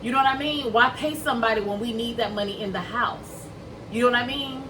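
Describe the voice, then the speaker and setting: A woman's voice: a little high, fairly quick, distant mic, noisy background. Chatty woman telling a storytime. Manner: chatty, addresses viewers as y'all, acts out quoted dialogue. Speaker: vlogger telling a personal story. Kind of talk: casual storytime vlog.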